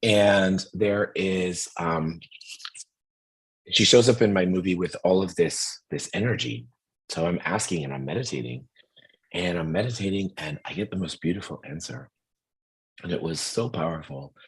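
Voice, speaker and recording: A middle-aged man with a low, husky voice, hoarse today. He tells a story casually and lively, and he slips into the voices of the people he describes. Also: moderate pace. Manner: animated, acts out voices in the story. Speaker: host.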